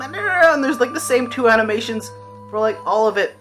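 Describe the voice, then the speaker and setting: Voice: mid-range voice, lively intonation, normal speed, sharp tone, soft background music. A person giving a casual, rambling, exasperated rant reviewing an anime, full of restarts and swearing.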